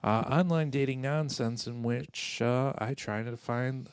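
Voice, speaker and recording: A man's voice: mid-range voice, steady tone, unhurried, clear, resonant tone, no room sound. A man co-hosting a podcast in casual banter, dry and self-deprecating, rambling with fillers. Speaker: podcast co-host.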